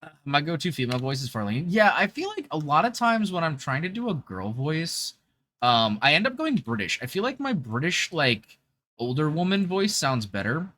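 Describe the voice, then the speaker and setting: A young man talking through a casual gaming livestream, chatty and upbeat with plenty of filler words. His voice is bright and lively, bouncing around in pitch as he chats to viewers. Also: normal speed. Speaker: VTuber streamer.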